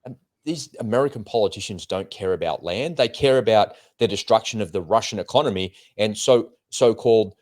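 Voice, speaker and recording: A man co-hosting a political talk show, talking in an animated, indignant way with quick asides. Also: on the low side. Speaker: co-host. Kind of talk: political commentary chat.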